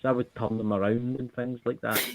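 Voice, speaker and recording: A man from the UK calling in, telling a story in a casual, animated way with plenty of swearing. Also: medium pitch, fairly quick, no room sound. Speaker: caller. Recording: phone-line audio.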